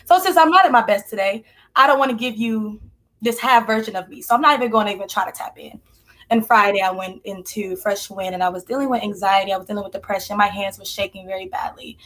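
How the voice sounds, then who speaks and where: A woman's voice: mid-range voice, fast talker, fairly bright tone. A young woman sharing a heartfelt personal faith testimony in an earnest, conversational way. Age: young adult. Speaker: team member sharing testimony.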